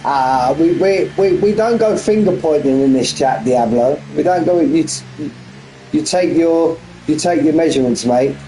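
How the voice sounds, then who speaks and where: A man's voice: a little high, normal speed, warm tone, soft background music, rough recording. A man commentating a sim race on a live stream, bantering with viewers and often repeating himself.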